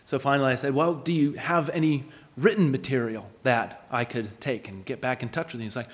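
A man preaching a sermon in an earnest, explanatory way, with lively storytelling asides. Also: medium pitch, brisk. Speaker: pastor. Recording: long hall reverb.

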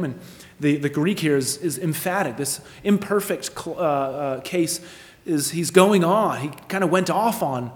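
Pastor preaching in a reverberant hall. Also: male voice, a little high, measured pace, few pauses. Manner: rhetorical questions, swings from emphatic to hushed. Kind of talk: sermon.

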